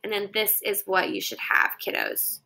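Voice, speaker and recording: A woman's voice: mid-range voice, sing-song, normal speed, creaky, pushed and bright, low-quality recording. A young woman teaching children a phonics dictation lesson, sounding out words syllable by syllable into her phone.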